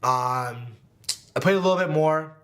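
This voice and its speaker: Young man, from New Jersey, slightly high voice, candid, emotional, fillers, personal vlog. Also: a little slow, a bit bright. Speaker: competitive gaming creator. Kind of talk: personal storytelling to camera. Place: home podcast studio.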